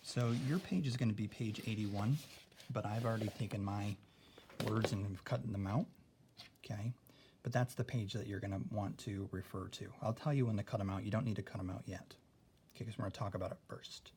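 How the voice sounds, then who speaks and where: A man's voice: lowish voice, steady tone, noisy background. A man teaching a recorded spelling lesson, explaining patiently and checking in with "okay?" after nearly every point. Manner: explains slowly, adds "okay?" often.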